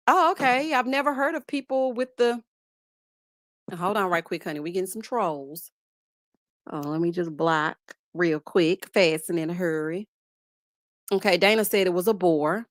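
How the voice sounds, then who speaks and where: A young woman with a Southern twang hosting a casual live chat, reading viewer comments in a lively, sassy way and calling her audience honey and child. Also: mid-range voice, dry recording, studio quality. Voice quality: lively, sassy, laughs loudly. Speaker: host.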